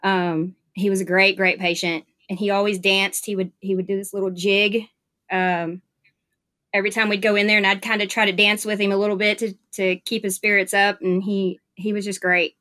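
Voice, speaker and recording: A woman's medium-pitched voice, flat in delivery but bright and forceful, carries at a moderate pace. She's a Southern US nurse chatting in an interview, an upbeat storyteller heavy on fillers.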